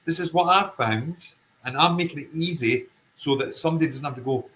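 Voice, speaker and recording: A man's voice: a little high, brisk, a bit bright, rough recording. A Scottish man with a Fife accent, a paranormal investigator guest talking earnestly and emphatically in a casual interview, often circling back to his point. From Scotland.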